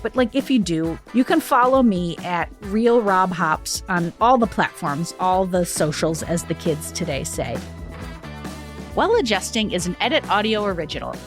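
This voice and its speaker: A woman hosting a podcast, reading a scripted segment with chatty asides. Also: lowish voice. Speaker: podcast host.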